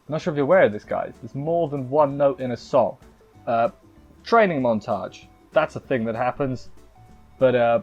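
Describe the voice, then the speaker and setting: A man's voice: medium pitch, a little mellow, muffled recording. A man casually reviewing an anime episode, rambling and restarting with wry asides.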